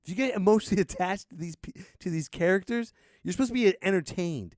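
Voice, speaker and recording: A man hosting a podcast in a sarcastic, rambling comic rant that swings from low mutters to loud outbursts. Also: quick pace, no room sound, studio quality. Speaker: podcast host.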